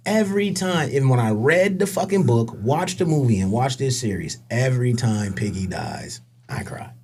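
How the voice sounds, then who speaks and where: A middle-aged man in casual podcast chat, animated and joking, swearing freely as he tells stories. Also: medium pitch, moderate pace, husky. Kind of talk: casual conversation.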